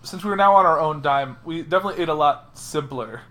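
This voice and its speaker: Young man co-host, bright and fairly high voice, lively casual storytelling. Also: fast. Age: young adult. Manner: animated, acts out what he said in the moment. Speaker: podcast co-host. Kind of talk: casual chat.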